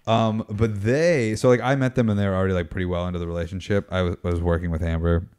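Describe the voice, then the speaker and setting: A man's voice: sits low, fairly even intonation, quick pace, a little mellow, clear, resonant tone. A man co-hosting a podcast, telling a long story in a casual, profane, rambling way. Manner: rambling, profane, laughs through his story. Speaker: podcast co-host.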